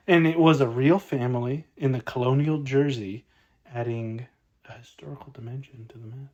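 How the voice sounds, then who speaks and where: A man co-hosting a podcast in casual chat, joking, rambling and quick to apologize. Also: mid-range voice, very animated, mellow, highs cut off. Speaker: podcast co-host.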